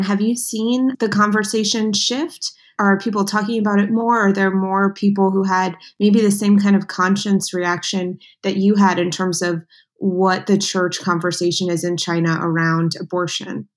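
A woman's voice: medium pitch, little pitch movement, normal speed. A woman interviewer asking long, carefully built questions.

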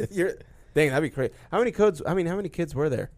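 A man co-hosting a podcast, chatting casually and excitably, laughing often. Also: on the high side, no room sound. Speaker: podcast co-host. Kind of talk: casual chat.

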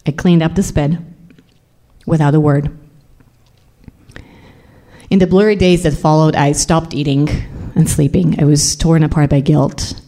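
Low-voiced woman telling her story. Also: mellow. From Serbia. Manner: intense, confessional. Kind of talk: personal storytelling.

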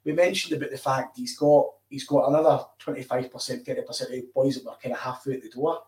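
Man, scottish accent, casual football chat, repeats words, mid pitch, echoey room. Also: steady tone, quick pace, a little mellow. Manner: chatty, repeats words, laughs easily. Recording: roomy echo.

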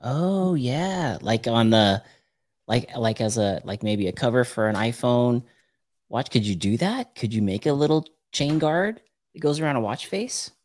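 A man's voice: medium pitch, animated, measured pace, a little mellow, no room sound. A man co-hosting a casual podcast chat, upbeat, laughing often and reading out viewer comments. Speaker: podcast co-host.

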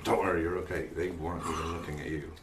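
A man's voice: low-pitched, fast talker. A man playing a tabletop role-playing game, joking in a dry, sardonic way. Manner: sardonic, deadpan jokes. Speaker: player. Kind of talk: casual tabletop role-play banter. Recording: roomy, distant mic, noisy.

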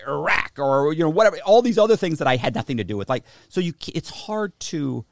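A man in a casual podcast chat, telling a story in an animated way, acting out the back-and-forth of a conversation and swearing now and then. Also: fairly high pitch, fast, gravelly, no room sound, studio quality. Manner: animated, acts out quoted dialogue, swears.

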